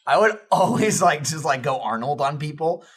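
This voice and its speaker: Guy on a podcast, swears a lot, animated stories, voice a bit on the high side. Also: moderate pace, breathy edge. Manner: profane, animated storytelling. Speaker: podcast co-host. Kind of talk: casual chat.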